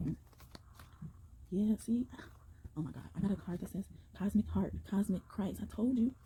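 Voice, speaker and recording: A young woman giving a casual tarot reading to her viewers, excited and rambling, often breaking into exclamations and slang. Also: mid-range voice, normal speed, a little hiss or hum, poor audio. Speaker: tarot reader.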